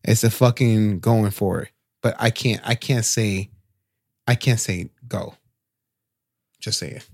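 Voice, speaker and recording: A man's voice: fairly low pitch, measured pace, gravelly, pauses often, darkish tone, slightly rough. A man co-hosting a casual movie review podcast, emphatic and repetitive, swearing in nearly every sentence. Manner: emphatic, swears constantly, repeats himself. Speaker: podcast co-host.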